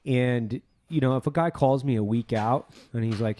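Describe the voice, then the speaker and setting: A man's voice: mid-range voice, moderate pace, hardly any pauses. A man co-hosting a casual podcast chat, swearing freely and acting out past phone calls as he tells stories. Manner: profane, animated storyteller acting out phone calls. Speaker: podcast co-host.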